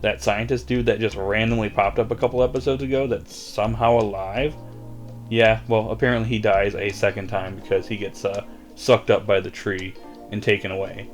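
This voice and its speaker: A man's voice: fairly low pitch, steady tone, normal speed, soft background music. A man giving a casual, chuckling recap of an anime episode, with lots of fillers. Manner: chuckles often, filler-heavy.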